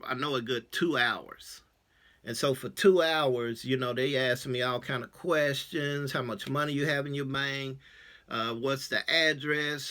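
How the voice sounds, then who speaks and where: Casting note: male church elder, bright clear tone, loose storytelling with lots of uh's. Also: medium pitch. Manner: casual, many fillers, acts out quoted dialogue. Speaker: religious elder. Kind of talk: personal testimony storytelling.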